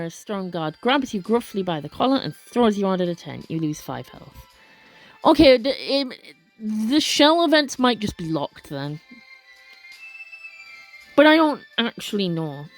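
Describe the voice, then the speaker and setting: A woman doing casual let's play commentary, reading game text aloud with expressive, gasping reactions and chatty asides. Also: medium pitch, normal speed, soft background music.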